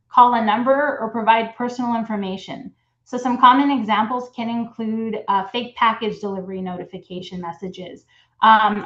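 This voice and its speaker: A woman's voice: a little high, fairly bright tone, roomy sound, dull audio. A woman from a credit union giving an informative webinar presentation, explaining things practically with frequent ums and uhs.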